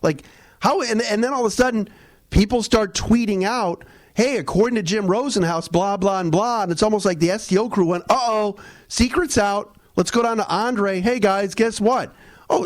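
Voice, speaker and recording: A man co-hosting a casual sports podcast, talking in an animated, rambling way with restarts and fillers. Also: high voice, no echo. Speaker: podcast co-host.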